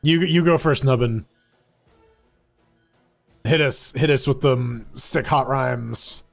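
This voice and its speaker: A man co-hosting a live gaming podcast, rambling and joking excitably while playing. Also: mid-range voice, slow pace, vocal fry, faint music behind. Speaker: podcast co-host. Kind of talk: casual live gaming chat.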